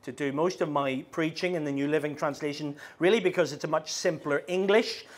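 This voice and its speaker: A middle-aged man with a Northern Irish accent preaching a sermon, speaking slowly and deliberately with frequent ums and restarts. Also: on the high side. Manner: slows down, halting with fillers.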